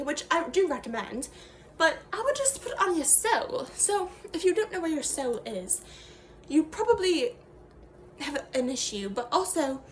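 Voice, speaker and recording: Playing a self-important fake female professor, a young woman improvises a comedy sketch in which she leads a nonsensical meditation lesson. She sounds mock-serious, rambling and trailing off into fillers and half-finished sentences. Her high voice carries a faint hum of noise beneath it.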